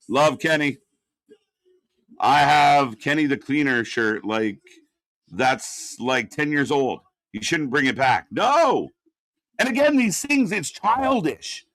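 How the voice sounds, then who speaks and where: A man's voice: on the high side, fairly bright tone, dry recording. A man doing unscripted live watch-party commentary, ranting and swearing in exasperation.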